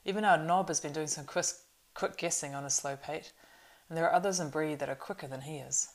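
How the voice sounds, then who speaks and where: A woman playing a flustered, loud male innkeeper. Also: sits low, brisk. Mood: fussing. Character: nervous talkative male innkeeper, stout and fussy. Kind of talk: audiobook reading.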